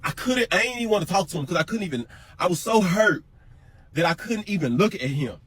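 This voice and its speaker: Man telling a raw personal story; husky, swears a lot, emphatic and repetitive. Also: sits high, expressive, a little fast, fairly bright tone, no echo. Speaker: storyteller in a reacted clip. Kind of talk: emotional storytelling.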